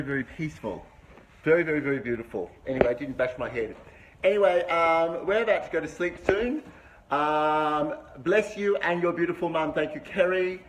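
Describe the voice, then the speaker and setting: A middle-aged man hosting a live-streamed vlog from an indoor room, talking enthusiastically and greeting his viewers by name. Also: on the high side. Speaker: livestream host. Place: indoor room with a window view. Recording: noisy livestream audio.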